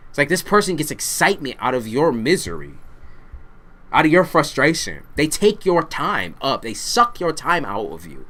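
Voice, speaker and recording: A man's voice: on the high side, big pitch swings, moderate pace, bright, forceful tone. A man giving a tarot reading to camera, speaking bluntly and directly to the listener, swearing freely and repeating himself for emphasis. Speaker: tarot reader.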